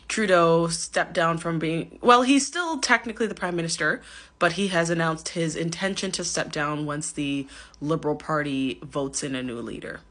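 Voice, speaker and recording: A woman's voice: sits low, fairly bright tone. A woman giving casual commentary on camera, chatty and giggly, with lots of ums and hedging, recorded on a phone. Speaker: vlogger reacting to a clip.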